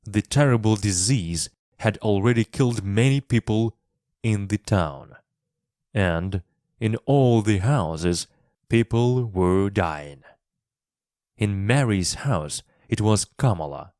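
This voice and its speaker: A man narrating a classic story for English learners, reading expressively and clearly. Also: fairly low pitch, a little mellow, dry recording, clean studio sound.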